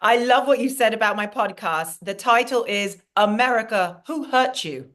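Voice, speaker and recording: Rich: A playful woman with a New York accent riffing through a comedy set. Her voice sits fairly high. She speaks over a video call. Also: fairly bright tone. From Queens, New York. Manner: playful, quick banter with asides. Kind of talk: comedic monologue.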